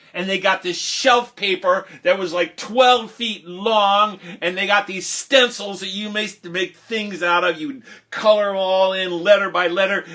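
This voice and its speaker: A man telling a story with big swings from loud to hushed. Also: sits high. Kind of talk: animated storytelling. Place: home, live stream.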